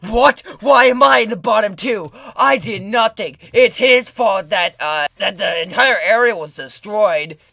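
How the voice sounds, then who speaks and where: A man voicing a mean male contestant in a cartoon, shouting indignantly about being put in the bottom two. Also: high-pitched, measured pace, gravelly, hardly any pauses, no echo, pitched above the performer's own voice, exaggerated voice. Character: mean male contestant protesting his elimination.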